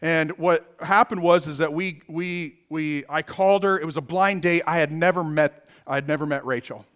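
A middle-aged man preaching a sermon, telling a personal story in an animated, storytelling way. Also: fairly high pitch, moderate pace. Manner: animated storyteller, acts out his own shouts.

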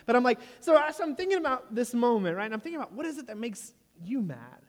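A man's voice: very high voice, fast talker. Jokey male pastor in an echoing hall. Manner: animated, jokey storyteller who asks the room "right?". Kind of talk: sermon with personal storytelling. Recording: long reverb of a large hall.

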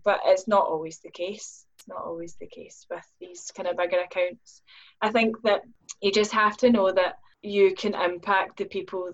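On a podcast, a businesswoman guest talks earnestly, acting out the questions in her head with more animated voices. She has a fairly low pitch, and the audio is dull.

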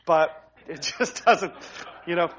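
A man's voice: on the high side, expressive, slow pace, a bit bright, lo-fi sound. A man preaching a sermon in a conversational way, often restarting phrases and checking in with "right?". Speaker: pastor.

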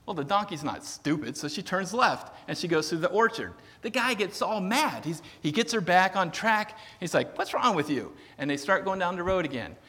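A man's voice: high voice, pushed and bright, big-room sound. A man preaching a sermon in a casual storytelling way, with self-deprecating humor. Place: church sanctuary.

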